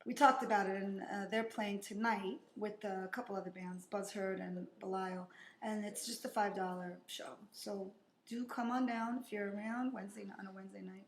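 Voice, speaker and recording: A woman's voice: mid-range voice, steady tone, moderate pace, a little hiss or hum. Chatty woman co-hosting in an echoey bar. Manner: chatty, laughs often, upbeat. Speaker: podcast co-host. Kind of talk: casual chat. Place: back room of a bar. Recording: echoey room with faint ambience.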